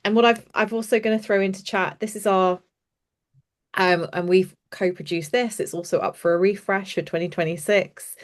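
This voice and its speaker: A woman, a youth participation practitioner, telling stories chattily and enthusiastically on a video call. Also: on the low side. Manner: enthusiastic, chatty, trails off and restarts often. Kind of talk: animated storytelling in an online panel.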